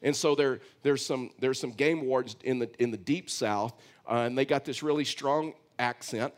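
A man's voice: mid-range voice, normal speed. A man from Texas with a Texan accent, preaching a conversational, storytelling sermon as pastor.

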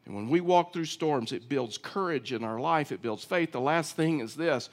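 A man's voice: mid-range voice, normal speed. A middle-aged man preaching a sermon in a conversational way, often repeating words and asking his listeners questions. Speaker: pastor.

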